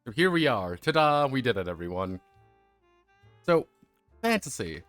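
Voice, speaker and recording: A man's voice: mid-range voice, sing-song, normal speed, a bit bright, no echo, soft background music. A man casually chatting on a livestream about tabletop role-playing games, rambling and self-mocking with frequent restarts. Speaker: streamer discussing tabletop games.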